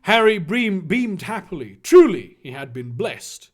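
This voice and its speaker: A man's voice: sits high, very animated, unhurried. A man reading fan fiction aloud with sarcastic, swearing asides. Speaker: reader.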